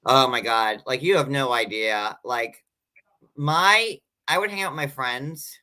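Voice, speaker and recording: A woman's voice: a bass voice, measured pace, bright, forceful tone. A woman chatting casually as a panelist, rambling and filling her talk with "like.". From tri-state area of the US. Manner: rambling, heavy use of "like". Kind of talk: casual podcast chat.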